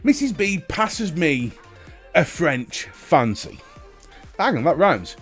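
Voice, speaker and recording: Animated high-pitched male stream host. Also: slow, husky, faint music behind. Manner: jokey, animated, swears freely. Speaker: livestream host. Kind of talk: casual chat greeting viewers.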